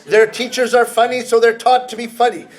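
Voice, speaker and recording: A man's voice: extremely high pitch, level tone, fairly quick. A man from Canada performing comedy storytelling live on a theater stage, playful and teasing the audience. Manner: playful, teasing the audience, acting out quoted voices. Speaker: rakugo storyteller.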